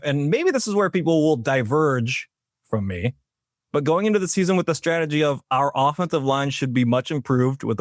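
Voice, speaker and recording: A man co-hosts a sports podcast, building an argument in a dry, methodical manner as a sports opinion monologue. His voice sits on the high side, and the recording has no echo.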